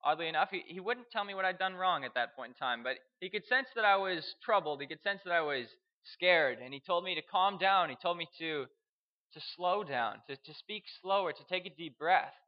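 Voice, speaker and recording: A young man from Canada, telling a personal story in a halting way, repeating words and chuckling. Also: high-pitched, expressive, lo-fi sound. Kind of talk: storytelling speech.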